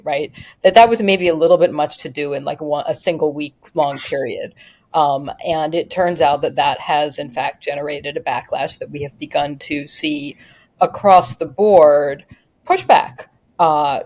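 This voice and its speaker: A woman talking as a panelist on a podcast, animated and emphatic, with many fillers. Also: deep voice. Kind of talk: podcast discussion.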